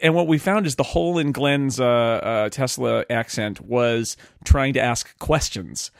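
A man with a mid-range voice, recorded dry and close. He hosts a casual chat and tells stories fast with many laughs. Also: mid-range voice, creaky, no echo. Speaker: podcast host.

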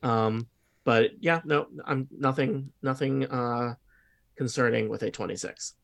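A man's voice: mid-range voice, a little slow, vocal fry. A man narrating as game master of a tabletop game, hesitant and full of fillers. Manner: hesitant, many fillers and restarts.

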